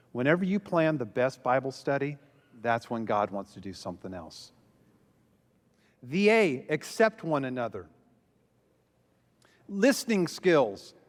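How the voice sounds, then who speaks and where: A man speaking as a pastor at a conference, telling a story with lots of energy and acting out the lines he quotes. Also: mid-range voice. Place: large hall before an audience. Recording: long reverb of a large hall.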